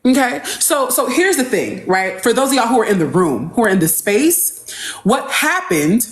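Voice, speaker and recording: A woman's voice: on the high side, sing-song, normal speed. A woman talking heatedly on a livestream, answering critics with repeated rhetorical questions.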